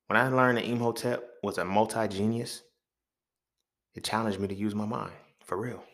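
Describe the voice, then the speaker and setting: A young man hosting his own podcast, talking alone in a heated, profane monologue that rises to near-shouts and then drops low. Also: steady tone, normal speed. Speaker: podcast host. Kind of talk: impassioned solo monologue.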